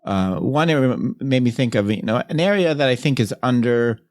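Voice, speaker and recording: Male podcast host, mid-range voice, casual and halting delivery. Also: mid-range voice, lively intonation, darkish tone. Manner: hesitant, many fillers and restarts. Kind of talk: casual interview chat.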